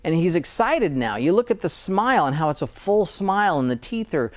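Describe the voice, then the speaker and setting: A man's voice: high-pitched, very animated, brisk. A middle-aged American dentist in a casual interview, earnest and sometimes getting emotional about his work. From United States.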